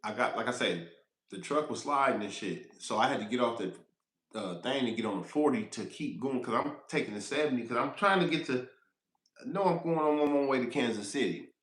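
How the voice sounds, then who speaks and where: A man's voice: mid-range voice, animated, a little fast, a bit bright, roomy sound. A man who drives trucks, telling a rambling, profane road story on a casual livestream, laughing as he goes.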